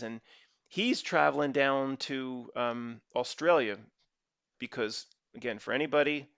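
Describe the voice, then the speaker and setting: A man's voice: mid-range voice, vocal fry, a bit bright, clean tone, no room sound. A man hosting his own channel, talking in a rambling solo monologue full of restarts and asides to his viewers. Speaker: channel host. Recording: dull lo-fi dry recording.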